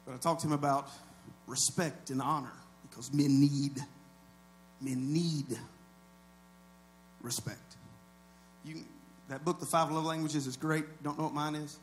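High-voiced man preaching a sermon, mains hum. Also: little pitch movement, moderate pace. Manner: conversational preaching that swings from low asides to loud shouted peaks. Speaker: pastor.

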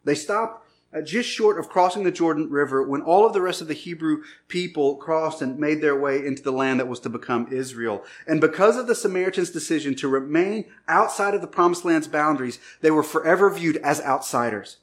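Guy pastor preaching, kinda high voice, tells his story with lots of energy and acts out the yelling bits. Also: fairly quick. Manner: animated storytelling, acts out shouted lines. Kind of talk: sermon with a personal story.

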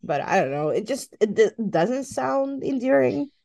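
A woman's voice: fairly high pitch, big pitch swings, normal speed, creaky, mellow. A woman co-hosting a casual group chat, laid-back and amused. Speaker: podcast co-host. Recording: voice a bit off-mic.

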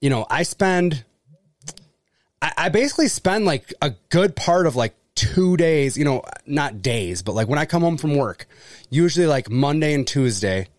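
A man's voice: a little high, expressive, moderate pace, dry recording. A man co-hosting a podcast, chatting casually and animatedly, swearing freely with lots of fillers. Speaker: podcast co-host. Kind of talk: casual chat.

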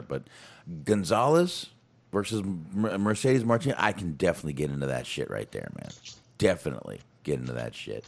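Low-voiced male podcast co-host, animated, swearing freely; wrestling recap banter. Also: vocal fry. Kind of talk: casual wrestling recap chat.

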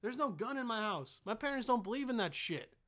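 A man's voice: very high-pitched, big pitch swings, fairly quick, fairly bright tone. A young man vlogging to camera in a profane, rambling, heated rant full of fillers.

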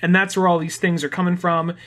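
A man's voice: high voice, little pitch movement, quick pace, fairly bright tone. A man co-hosting a podcast in casual chat, rambling with fillers and swearing now and then. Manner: rambling, many fillers and restarts, profane. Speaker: podcast co-host.

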